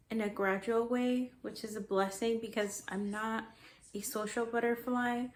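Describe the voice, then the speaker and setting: A young woman artist chatting casually to camera in a rambling way, telling a personal story and drifting off topic. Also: medium pitch. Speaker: artist vlogger.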